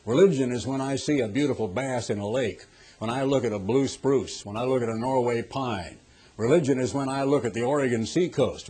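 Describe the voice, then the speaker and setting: On a television sermon, a middle-aged American man preaches in a husky, mid-range voice. He swings from hushed tones to loud ones and presses his audience with rhetorical questions.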